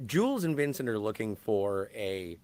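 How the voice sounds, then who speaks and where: A man's voice: lowish voice, moderate pace. A man co-hosting a podcast, recapping a film in casual chat and often correcting himself mid-sentence. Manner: animated, self-correcting storyteller. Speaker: podcast co-host.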